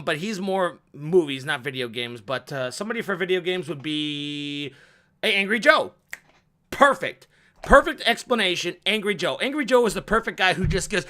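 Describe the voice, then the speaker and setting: A vlogger talks off the cuff in a monologue, his speech rising with an upward inflection. He swears freely, repeats words as he goes, and swings between loud rants and low mutters.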